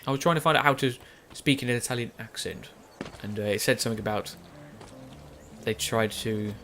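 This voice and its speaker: A man's voice: medium pitch, brisk, bright, forceful tone, soft background music. A young man chatting loosely over gameplay, often correcting himself mid-sentence. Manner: rambling, self-correcting, chatty. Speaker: gaming YouTuber. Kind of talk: casual let's-play commentary.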